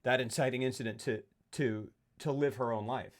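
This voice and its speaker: A man co-hosting a casual film discussion, animated and acting out quotes in put-on voices. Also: mid-range voice, moderate pace. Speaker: podcast co-host.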